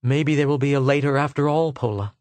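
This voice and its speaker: Man doing an injured tough guy, urgent and grim, raised a bit higher than his reading voice. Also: a little fast, darkish tone, no echo, lightly acted. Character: hurt, determined grown man, grim.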